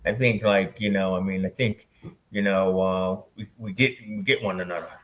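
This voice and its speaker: Guy on a podcast, kinda low voice, laid back and laughing between thoughts. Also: steady tone, moderate pace, fairly bright tone. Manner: laughs often, loose and easygoing. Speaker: filmmaker guest. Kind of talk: casual interview chat.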